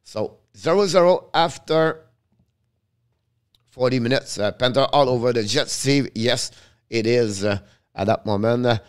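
Male hockey commentator, smooth voice, choppy English, rapid live play-by-play. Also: mid-range voice. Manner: halting non-native English, rapid call of the action; chats with viewers between plays.

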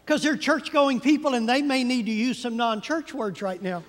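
High-voiced pastor telling a comic story. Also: male voice, moderate pace. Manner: animated, comic timing, stretches words for effect. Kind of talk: humorous storytelling sermon. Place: church sanctuary. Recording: long reverb of a church hall.

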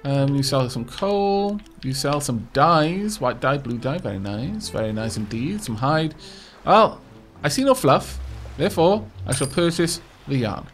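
A man's voice: a little high, very animated, unhurried, soft background music. A man hosting a casual let's play, chatting as he goes in a self-mocking way and stammering as he restarts his sentences. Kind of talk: casual gameplay commentary.

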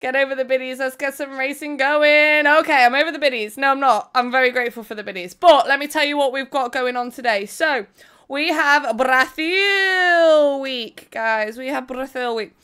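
Very high-voiced excitable woman. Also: clear, resonant tone. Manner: excitable, loud, fast-shifting energy. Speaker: streamer host. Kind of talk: live-stream chat with viewers.

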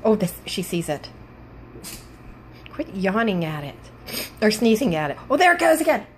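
A woman filming her dog at home, talking to it in a playful, excitable, coaxing way. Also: mid-range voice, moderate pace, slight background noise. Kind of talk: casual home video. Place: home indoors.

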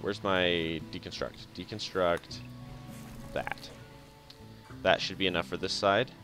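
A man's voice: low-pitched, steady tone, slow. A man casually talking through a strategy game on a live stream, often chuckling and muttering to himself. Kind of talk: casual live gameplay commentary. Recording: faint game music behind.

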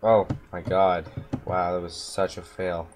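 A man's voice: deep voice, little pitch movement, measured pace. A man giving casual gameplay commentary at home, mumbling and talking to himself as he plays. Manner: mumbling, talks to himself while playing. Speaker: gameplay recorder. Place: home room. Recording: noisy home recording with keyboard clicks.

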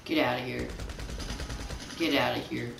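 A man giving casual, excitable gameplay commentary, rambling and repeating his exclamations as he plays. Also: medium pitch, measured pace, creaky. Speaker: gaming channel host. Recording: roomy, distant mic, noisy.

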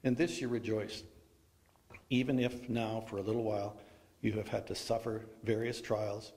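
A man serving as lay reader at a funeral, reading scripture and leading the psalm response with clear projection. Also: fairly low pitch, fairly even intonation, normal speed, darkish tone.

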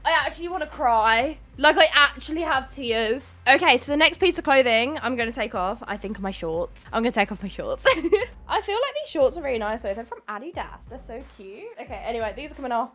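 A young woman, chatting casually as she commentates her own gameplay, excitable and quick to shriek. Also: on the high side, soft background music. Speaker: gaming YouTuber.

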